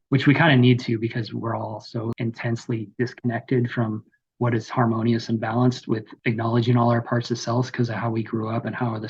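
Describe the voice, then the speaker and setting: Guy teaching a spiritual class, gravelly husky voice, rambles a lot, kinda dull lo-fi sound. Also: mid-range voice. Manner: rambling, thoughtful, with many fillers. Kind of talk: casual spoken class.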